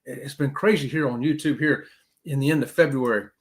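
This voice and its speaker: A middle-aged man, hosting a casual live-stream chat and talking straight to his viewers. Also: brisk. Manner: animated, talks straight to viewers with "y'all", swoops high for emphasis. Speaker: host of a live cruise chat show.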